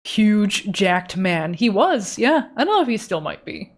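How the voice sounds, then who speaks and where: This young woman streams her drawing and chats loosely, giggly and quick to laugh at her own expense. Her mid-range voice is sing-song and unhurried.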